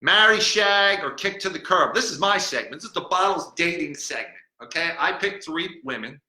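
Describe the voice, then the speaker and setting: Man doing a boastful talking bottle, very bright tense voice, fairly high pitch, rambling mockery, echoey room. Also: expressive, normal speed. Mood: mocking. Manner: rambling, mocking, stumbles over words. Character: boastful, cranky male talking bottle persona. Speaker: podcast host. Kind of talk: comedic podcast rant.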